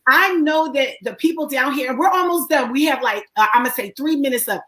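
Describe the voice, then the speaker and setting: A woman with a raspy voice hosting a live online talk show, upbeat and encouraging in a preacherly way. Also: sits high, brisk, fairly bright tone, poor audio. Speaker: host.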